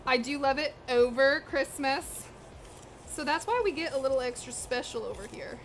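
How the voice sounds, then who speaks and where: Her voice is high and moves at a normal speed, with slight background noise. A young cooking streamer in her home kitchen, she chats casually with her viewers as she cooks, using slang, speaking directly to her chat, and sounding a little breathless.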